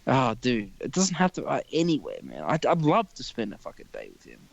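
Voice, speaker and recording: A young man with a gravelly, creaky voice hosts a loose podcast chat, rambling and swearing freely as he stops and restarts his thoughts. His voice sits at a middling pitch and sounds close and dry, with no room echo. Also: wildly swooping pitch, brisk, dull audio. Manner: rambling, profane, restarts often. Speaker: podcast host.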